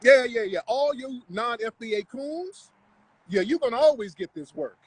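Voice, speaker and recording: A man's voice: extremely high pitch, lively intonation, measured pace, slightly rough, rough recording. A man hosting a livestream, talking in a confrontational, mocking, profane rant. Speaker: livestream host. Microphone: live stream mic.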